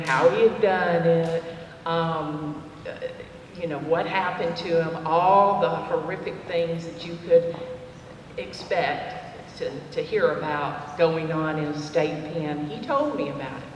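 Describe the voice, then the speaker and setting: Woman speaking slowly in an echoey hall. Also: low voice, far from the mic, muffled recording, a little hiss or hum. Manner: slow, storytelling with fillers and laughs. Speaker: cafe owner speaking at a women's dinner. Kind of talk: personal testimony talk. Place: church fellowship hall.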